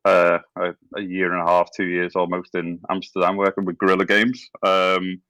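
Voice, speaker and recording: A man's voice: low-pitched, monotone, moderate pace, fairly bright tone, dry recording. A man in his forties with a Scouse accent, a guest on a podcast, talking hesitantly with many ums and restarts. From England. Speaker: guest, former game developer. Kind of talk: casual interview talk.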